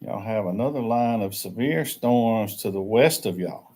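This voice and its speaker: Man, older, fairly low voice, easygoing, joking, casual stream host. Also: expressive, a little slow, mellow. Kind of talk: casual live stream chat. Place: rural camp.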